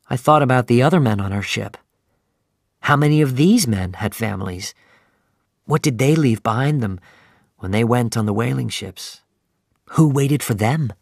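A man reading a story aloud in slow, clear, deliberate narration for language learners. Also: mid-range voice, lively intonation, no echo, clean studio sound.

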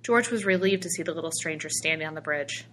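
Woman reading a story aloud, bright voice. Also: low-pitched, fast, slight background noise. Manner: expressive, steady storytelling. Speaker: narrator. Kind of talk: audiobook reading.

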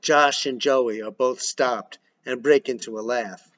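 A man's voice: mid-range voice, steady tone, a little slow, fairly bright tone. A man reading a screenplay's scene headings and stage directions aloud. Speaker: script reader. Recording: dull lo-fi recording.

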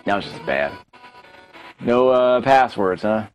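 A man's voice: lowish voice, lively intonation, slow, soft background music, rough recording. A man giving casual, self-critical commentary as he plays a retro game, talking to himself. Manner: chatty, self-critical, talks to himself while playing. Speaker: let's play host.

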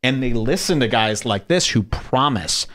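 A man's voice: medium pitch, animated, moderate pace, fairly bright tone. A man hosting a podcast, commenting on clips in a sarcastic, mocking way. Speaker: podcast host. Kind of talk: casual commentary.

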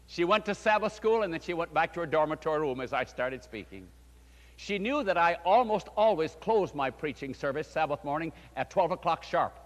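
An older man, a pastor, preaching a storytelling sermon with fervent emphasis. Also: a little high. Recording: long hall reverb.

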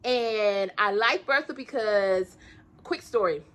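A woman's voice: mid-range voice, takes it slowly, fairly bright tone. A woman with a Southern US country accent, chatting casually and encouragingly to camera about her crochet work, laughing often. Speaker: crochet vlogger.

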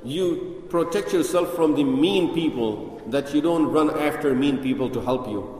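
A man's voice: fairly high pitch, a little mellow, slight background noise. Man lecturing in an echoey hall. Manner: reads Arabic text fast, then explains it slowly in English. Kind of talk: Islamic lecture explaining hadith. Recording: echoey hall with long reverb.

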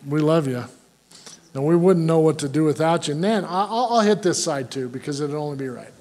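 A man's voice: fairly high pitch, brisk, darkish tone. An older man preaching a sermon as pastor, folksy and joking, often asking the congregation "Amen?".

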